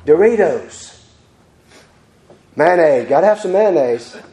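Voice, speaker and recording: A man's voice: a little high, expressive, slow, dark tone. A man preaching a sermon, fervent and repetitive, stumbling over restarts. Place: church sanctuary. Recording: echoey church hall.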